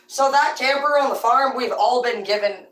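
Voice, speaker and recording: A woman telling profane, rambling comedic stories about growing up on a farm, in a loose, animated way. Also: on the high side, moderate pace, distant mic. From rural farm upbringing. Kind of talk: casual comedic storytelling. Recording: roomy, away from the mic.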